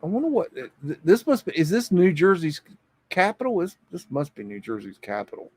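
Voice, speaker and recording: A man's voice: fairly high pitch, big pitch swings, a little fast, a little mellow, breathy edge. A man hosting a live stream, rambling and chuckling as he thinks aloud and reacts to images, often repeating his words. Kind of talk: casual live stream commentary.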